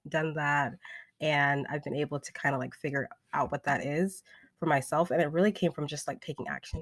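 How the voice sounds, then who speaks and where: A woman's voice: low voice, fairly bright tone, dry recording. A young woman in her twenties chats casually as a podcast host and vocal coach. She sounds upbeat and talkative and fills her sentences with casual filler words. The sound is close and dry, with no room around her. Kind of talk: casual talk from a replayed live stream.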